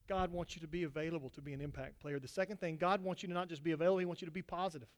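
A man preaching a sermon to his congregation as pastor, swinging between loud exhortation and quiet asides. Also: on the high side, fairly even intonation, rapid-fire, few pauses.

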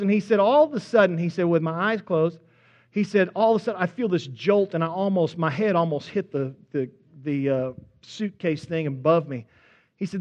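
A male pastor, telling an animated story in a sermon and calling out to the congregation. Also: high voice, a little fast. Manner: animated, conversational, audience-engaging. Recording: dull lo-fi recording.

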